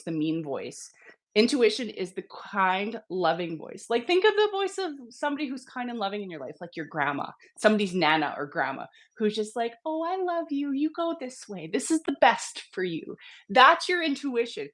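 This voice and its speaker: Earnest woman explaining gently. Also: mid-range voice, sing-song, normal speed. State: slightly sick throat. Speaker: guest. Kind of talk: casual interview chat.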